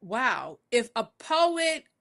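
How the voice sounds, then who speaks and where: A woman's voice: a little high, sing-song, extremely slow, creaky, a bit bright. A woman poet and scholar answering interview questions in a conversational way, telling stories and acting out the voices she quotes. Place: home in Puerto Rico.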